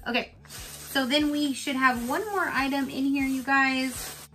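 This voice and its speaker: Chatty, giggly woman unboxer with a bright, slightly high voice; faint music underneath. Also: fairly even intonation, a little slow. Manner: chatty and giggly, retells stories with lots of laughter. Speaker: unboxing vlogger. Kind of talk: casual unboxing chat. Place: home in Florida.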